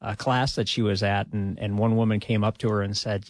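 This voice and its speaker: A man's voice: on the low side, brisk, few pauses, no echo. A man, a retired army officer talking modestly in a radio interview, chuckling often. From Minnesota, USA. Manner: relaxed and modest, chuckles often, many "uh" fillers.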